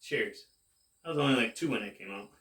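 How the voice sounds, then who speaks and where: A man casually rambling to camera as a cannabis vlogger, laid-back and drawn-out, saying "man" a lot, high while he talks. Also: pushed and bright, echoey room, recorded from a distance. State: high, getting more stoned.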